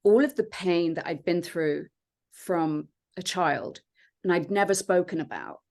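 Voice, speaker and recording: A woman, a podcast guest, telling her own story in an earnest, reflective way with many pauses and fillers. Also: lowish voice, expressive, a little mellow. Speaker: podcast guest, transformation coach. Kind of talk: personal storytelling in conversation.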